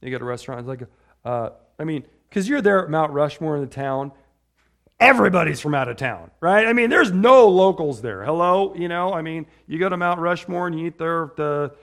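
Chatty preacher, slightly high voice. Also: male voice, lively intonation, brisk, fairly bright tone. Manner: chatty, tags lines with "right?"; rambling with restarts. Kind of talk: informal sermon.

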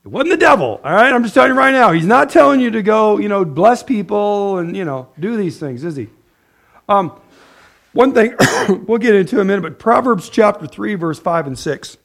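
A man's voice: sits high, expressive, fairly quick, creaky. A man preaching a conversational sermon as a pastor, chatty and joking, often checking in with the room with "right?". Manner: chatty, asks the room "right?", laughs at own jokes.

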